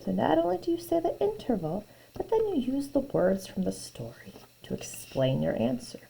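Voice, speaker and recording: A woman's voice: a little high, wildly swooping pitch, moderate pace, creaky, noisy background. A woman math teacher talking through graph problems in a recorded lesson, thinking aloud, repeating her phrases and often dropping to a near-whisper.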